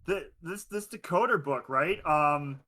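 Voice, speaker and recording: A man's voice: fairly high pitch, a little slow, pushed and bright. A man playing a tabletop role-playing game, hesitant and rambling with many fillers. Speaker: player. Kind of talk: casual tabletop play.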